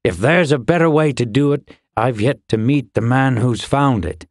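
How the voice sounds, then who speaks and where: A male narrator voicing a gruff, dry-humored older fire warrior in an audiobook. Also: medium pitch, moderate pace, dry recording, natural voice. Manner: grumbling, wry.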